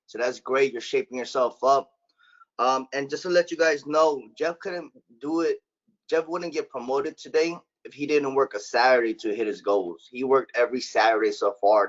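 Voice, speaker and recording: A man running a sales team meeting over a call, blunt and casual, swearing now and then. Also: mid-range voice. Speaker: sales manager. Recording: dull lo-fi call audio.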